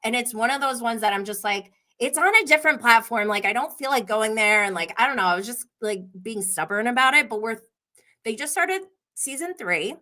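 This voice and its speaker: A woman's voice: fairly high pitch, lively intonation, brisk, pushed and bright. A woman hosting a podcast livestream, chatting casually and gossiping, laughing often as she tells stories. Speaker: podcast host.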